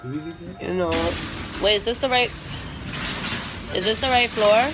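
A recording artist on tour rants angrily into her phone at an airport terminal, swearing hard and piling up filler words. Her mid-range voice has lively intonation and an unhurried pace. The noisy phone recording picks up music and vehicle sounds behind her.

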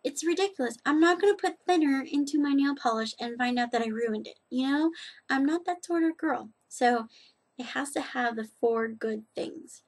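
A woman's voice: high-pitched, moderate pace, a little mellow. Chatty woman reviewing nail polish. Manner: chatty, rambling, self-deprecating. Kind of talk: casual product review vlog.

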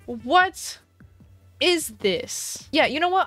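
A young woman streaming a game, chatting casually with her viewers in an excitable, dramatic way, dropping to mutters and jumping up to shrieks. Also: high-pitched, takes it slowly, dry recording, soft background music. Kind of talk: casual gameplay commentary to a live chat.

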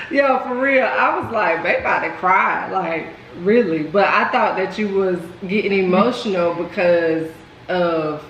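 A woman's voice: on the low side, slow, echoey room, muffled recording, slight background noise. A woman in casual chat reacting to her own proposal video, emotional and teary, rambling as she talks.

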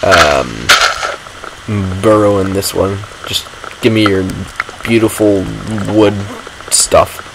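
A man's voice: sits low, expressive, takes it slowly, pauses often, background noise. A man giving rambling, self-mocking commentary while playing a video game. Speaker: gaming vlogger. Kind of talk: casual gameplay commentary.

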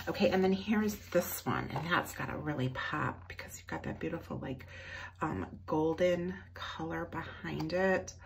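Slow, gushing woman unboxing planners. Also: on the low side, slight background noise. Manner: gushing, effusive, slow and lingering on praise. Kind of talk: casual unboxing chat. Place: indoors at a desk.

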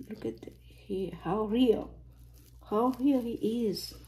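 Slow, gushing woman whispering in awe. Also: a little high. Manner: gushing, often dropping to an excited whisper. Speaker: reborn doll unboxing vlogger. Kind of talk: casual unboxing commentary.

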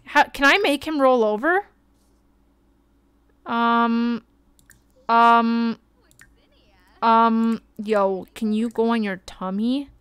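Bright, excitable young woman streamer. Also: fairly high pitch, very slow, pauses often, clean tone, no echo. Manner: excitable, gasping, chatty. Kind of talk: casual gameplay commentary.

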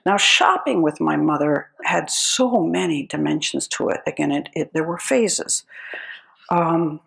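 A woman's voice: low voice, unhurried, vocal fry, a bit bright, poor audio. An older American woman giving a personal talk to an audience, telling stories with wry, self-deprecating humor. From United States. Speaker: speaker, philosopher.

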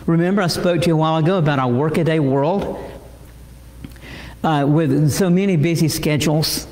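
A man's voice: fairly high pitch, expressive, a little mellow. Man preaching in an echoey church. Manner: halting, with frequent repeated words and fillers. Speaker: pastor. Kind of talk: sermon. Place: church sanctuary.

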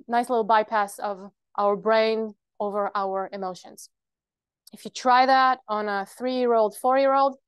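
A woman's voice: a little high, smooth, dry recording. Dry-sounding woman leading a workshop. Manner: earnest, explanatory, checks in with listeners. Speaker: workshop presenter. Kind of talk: practical workshop talk.

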